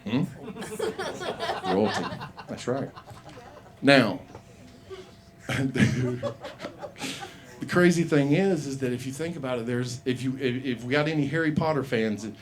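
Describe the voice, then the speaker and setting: A man's voice: medium pitch, lively intonation, measured pace, long pauses. A middle-aged man doing open mic stand-up, rambling and profane, laughing at his own jokes in a small comedy bar.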